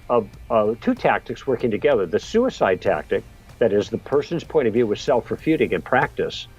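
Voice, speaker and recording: Husky-voiced man telling a friendly story. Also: medium pitch, darkish tone. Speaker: podcast guest. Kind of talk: storytelling in an interview. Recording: dull lo-fi sound with faint music.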